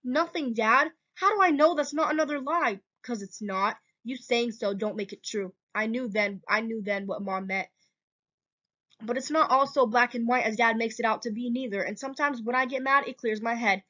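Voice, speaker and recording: Woman host reading a children's chapter book aloud, fairly high voice, dull recording. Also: steady tone, moderate pace, a bit bright.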